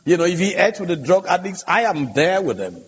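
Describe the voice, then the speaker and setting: A man's voice: sits high, big pitch swings, brisk. Earnest male pastor in echoey hall. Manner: earnest, emphatic retelling of dialogue. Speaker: pastor and conference panelist. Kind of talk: storytelling testimony on a panel. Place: large conference hall. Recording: dull, echoey conference hall audio with hiss.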